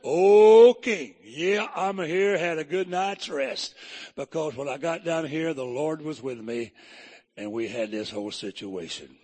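A man's voice: a little high, unhurried, mellow, slightly rough. A preacher voicing Daniel as a contented, well-rested man who sounds cheerful.

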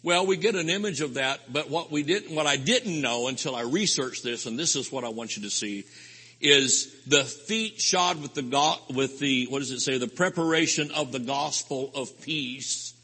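Man, folksy rambling sermon, bright husky voice, long hall reverb. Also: medium pitch, moderate pace. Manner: rambling, folksy, with sudden loud outbursts. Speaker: preacher. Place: live convention hall.

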